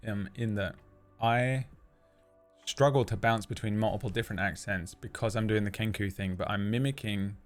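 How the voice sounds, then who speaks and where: A man's voice: on the low side, fairly even intonation, moderate pace, faint music behind. A man co-hosting a casual chat podcast, rambling in a self-deprecating way. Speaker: podcast co-host.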